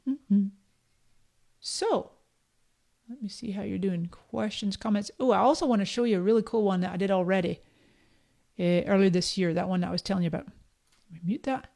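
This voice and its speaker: A woman in her fifties from Canada with a Scottish accent, hosting a live-streamed software tutorial in a chatty, upbeat way and talking straight to her viewers. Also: mid-range voice, normal speed, creaky, long pauses. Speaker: host of a live social media training.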